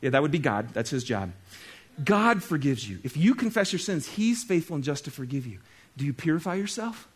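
A male pastor with a notably high voice delivers a conversational sermon. He talks straight to his listeners, one moment loud and exclaiming, the next soft and hushed. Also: very animated, a little fast, slightly rough.

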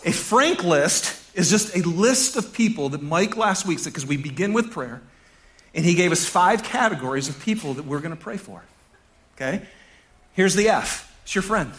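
Man, pastor, casual sermon, lively swooping delivery, repeats himself for emphasis. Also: sits high, moderate pace. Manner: animated, chuckles often, repeats key phrases.

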